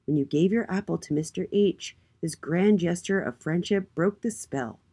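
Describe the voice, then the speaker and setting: A woman voicing a proud, kindly male king in a children's storybook, speaking loudly and grandly. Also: on the low side, moderate pace, slightly rough, voice pushed up. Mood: regal, jolly. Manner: loud, proud and warm. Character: regal booming male king, kind and jolly.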